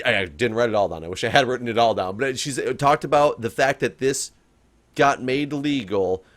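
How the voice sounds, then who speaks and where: A young adult man co-hosting a casual podcast chat, animated and self-correcting, laughing often as he talks. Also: fairly high pitch. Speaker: podcast co-host.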